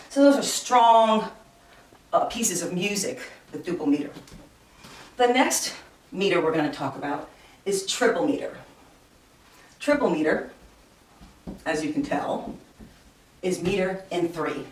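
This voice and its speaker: A woman teaches music, explaining things slowly and carefully and counting beats out loud. Her voice sits a little low and comes from some distance from the mic, in a room with heavy echo. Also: expressive. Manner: slow, deliberate explaining, counting beats aloud. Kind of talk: recorded classroom lesson. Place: room with a piano. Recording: very echoey room, voice away from mic.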